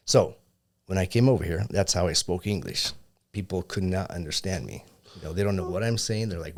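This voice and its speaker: A man's voice: sits low, normal speed. A man who grew up in Japan, a business owner talking as a podcast guest in an easygoing, reflective way. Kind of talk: casual interview chat.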